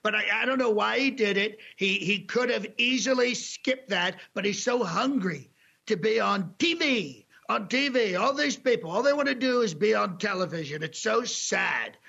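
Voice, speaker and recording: Guy doing a bragging rambling president bit, highish gravelly voice, kinda muffled lo-fi sound. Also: expressive, moderate pace, pushed and bright, heavily acted. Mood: boastful. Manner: bragging, rambling, name-calling. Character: boastful older male president, brash and rambling. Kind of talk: comedy impression interview.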